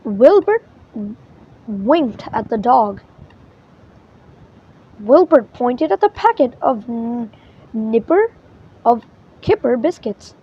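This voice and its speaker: A woman reading a children's storybook aloud in an expressive way, with small slips and restarts. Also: on the high side, slow, long pauses, breathy edge. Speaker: storybook reader. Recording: muffled lo-fi recording.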